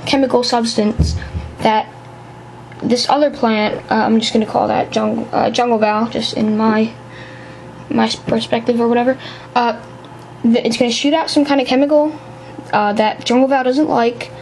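A woman's voice: a little high, darkish tone, slight background noise, rough recording. A woman giving a casual vlog explainer on an aquarium hobby topic, rambling and hesitant, with lots of restarts.

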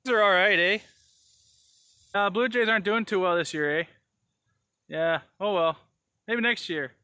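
A man performing a comedy sketch, trading quick back-and-forth lines and tagging them with "eh". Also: high voice, sharp tone, clean tone, dry recording, studio quality. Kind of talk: comedy sketch, playing several people in turn.

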